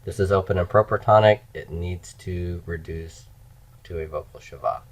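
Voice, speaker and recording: A man teaching grammar in a slow, explanatory lecture, repeating key forms as he goes. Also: low voice. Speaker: Hebrew teacher. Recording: dull lo-fi lecture recording.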